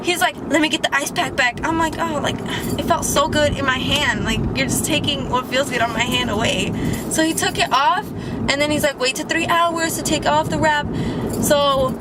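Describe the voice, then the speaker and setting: High-voiced teen girl vlogging from a car. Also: normal speed, very noisy. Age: teens. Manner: chatty, lots of "like" and acted-out quotes. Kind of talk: casual storytime vlog. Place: inside a parked car.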